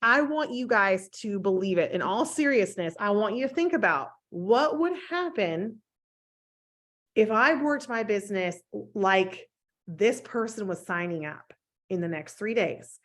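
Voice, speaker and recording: A woman's voice: mid-range voice, animated, a little slow. A woman leading a team call, encouraging and coaching her team in an upbeat manner over an online call. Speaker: team leader hosting a call.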